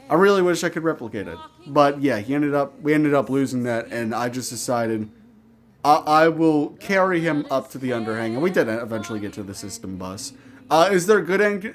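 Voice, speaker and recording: A young man tells a gaming story in a loose, animated way, with swearing. His voice sits a bit high for a man. Faint music plays behind him. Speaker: streamer telling a story. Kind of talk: casual anecdote storytelling.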